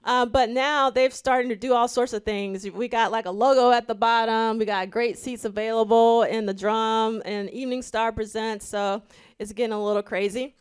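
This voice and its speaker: A woman's voice: fairly high pitch, fairly even intonation, normal speed, smooth. A woman with an Alabama accent, a podcast host at a live event, chatting casually and reading old clippings aloud with her own asides.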